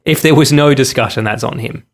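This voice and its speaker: A man with a Western Sydney Australian accent hosts a casual podcast chat, tossing in dry, teasing remarks. His voice sits at a plain middle pitch. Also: a little fast. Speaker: podcast co-host.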